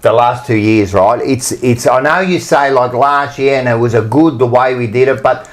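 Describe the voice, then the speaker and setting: A man's voice: medium pitch, normal speed. An Australian man co-hosting a podcast, ranting emphatically with swearing and rambling asides. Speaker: podcast co-host. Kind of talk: heated casual rant.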